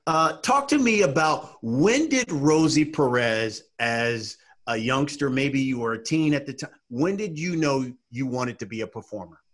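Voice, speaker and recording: A man hosting an interview, asking questions gently and encouraging his guest. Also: medium pitch, lively intonation, unhurried, hardly any pauses. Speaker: podcast host.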